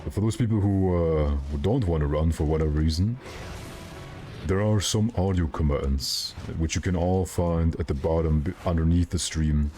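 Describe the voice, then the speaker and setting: A man's voice: deep voice, moderate pace, dark tone, slight background noise. A male streamer chatting casually and rambling, with self-mocking jokes while he plays. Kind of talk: casual gaming stream chat.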